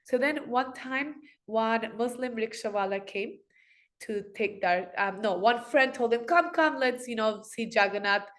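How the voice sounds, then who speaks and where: A woman telling devotional stories in a relaxed, chatty way, her voice sitting a little high. She throws herself into the quoted lines, jumping up in pitch for the characters. It sounds like informal storytelling for kids. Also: unhurried. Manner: animated, acts out quoted voices with big pitch jumps. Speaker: storyteller for children.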